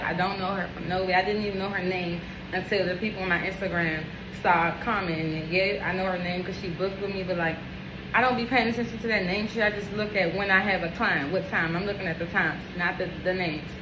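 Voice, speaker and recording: A young woman hairstylist telling a story to her phone camera, animated, emphatic and full of swearing. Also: medium pitch, a little fast. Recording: echoey room with steady background noise.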